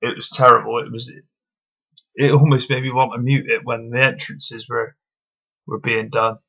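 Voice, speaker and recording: Blunt guy reviewing wrestling, gravelly bright voice, lots of ums, kinda muffled lo-fi mic. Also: mid-range voice, level tone, moderate pace. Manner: blunt, opinionated, swears, many ums. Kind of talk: casual solo review.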